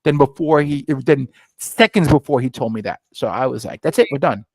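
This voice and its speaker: A middle-aged man, a guest on a podcast, telling his story in a lively way and acting out the dialogue. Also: medium pitch, normal speed, dry recording, faint music behind. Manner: lively storyteller, acts out dialogue with rising excitement. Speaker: scotch company founder, guest. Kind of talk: animated storytelling interview.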